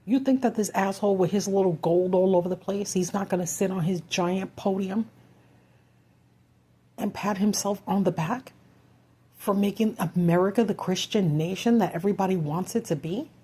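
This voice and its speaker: Her voice is mellow with a breathy edge, medium in pitch, and moderately paced. This woman vlogger delivers an urgent, frustrated political rant to her viewers, full of rhetorical questions and swearing.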